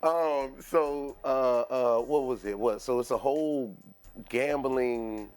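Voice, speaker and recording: A man's voice: mid-range voice, slow pace, a little mellow, smooth, faint music behind. A man hosting a casual sports podcast, rambling through his points with many fillers and frequent laughter. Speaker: podcast host.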